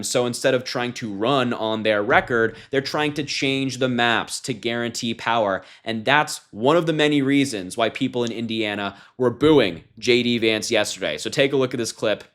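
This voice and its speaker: A man's voice: mid-range voice, normal speed, hardly any pauses, fairly bright tone. A young man giving emphatic political commentary, laughing often.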